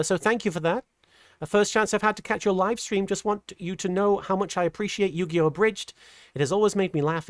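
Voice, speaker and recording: Earnest, halting middle-aged woman streamer. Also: fairly low pitch, no echo, clean studio sound. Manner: earnest, halting with many restarts; voice softened toward a feminine sound. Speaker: streamer reading super chats. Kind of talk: casual livestream chat.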